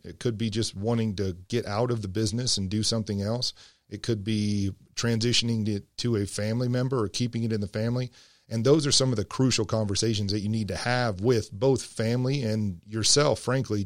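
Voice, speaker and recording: Financial advisor man, lowish voice, steady explainer, dry studio sound. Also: dry recording. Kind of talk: scripted radio segment.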